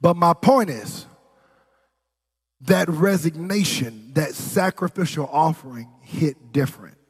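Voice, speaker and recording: A man's voice: fairly high pitch, slow pace, husky, big-room sound. A man preaching a sermon, telling a personal story in a conversational way and acting out what people said. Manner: conversational storytelling with quoted voices and asides. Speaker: pastor.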